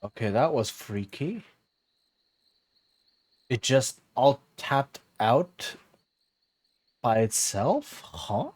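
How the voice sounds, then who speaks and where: A man's voice: mid-range voice, no room sound. A man streaming a game, tired and yawning, thinking aloud and joking casually. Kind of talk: casual gameplay commentary.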